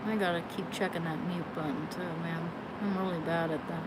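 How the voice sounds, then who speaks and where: A woman's voice: fairly low pitch, steady tone, brisk. A woman chatting casually on her livestream, rambling and self-deprecating, often trailing off and restarting her sentences. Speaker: livestream host. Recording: loud background noise.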